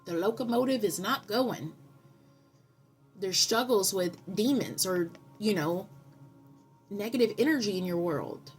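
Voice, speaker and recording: Speaking in a mid-range voice, a tarot reader offers a spiritual reading with earnest, preachy conviction. She tells stories, leans on dramatic pauses and repeats affirmations.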